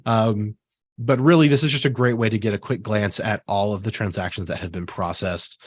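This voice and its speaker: A man giving a relaxed screen-share software tutorial, talking casually with fillers and asides while he has the hiccups. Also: lowish voice, normal speed, no room sound. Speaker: software trainer.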